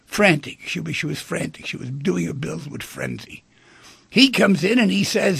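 A man hosts a call-in radio show with a heavily gravelly, rough-textured voice that has a breathy edge. His pitch swings widely as he tells stories and acts out dialogue, and the sound is close and dry. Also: lively intonation, normal speed, a bit bright, no room sound. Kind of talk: talk radio discussion.

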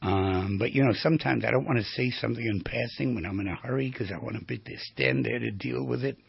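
Very raspy, gravelly male lecturer. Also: mid-range voice, fast, no echo, dull audio. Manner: animated, asks the audience questions. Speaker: therapist giving a talk on the voice. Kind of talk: lecture with storytelling.

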